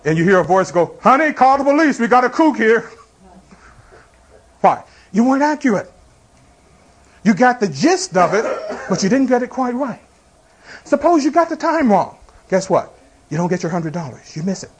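Pastor, male, high-pitched voice, preaches with rhetorical questions and everyday illustrations. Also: very animated, moderate pace, a little mellow, slightly rough. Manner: preaching with rhetorical questions and congregation call-outs. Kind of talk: sermon.

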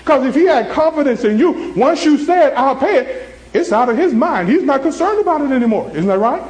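A male pastor preaching with a voice pitched high for a man. His delivery is animated, climbing into excited high tones and dropping into soft, low ones. He acts out characters in short stories to make his points. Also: fairly quick, reverberant, rough recording. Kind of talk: sermon.

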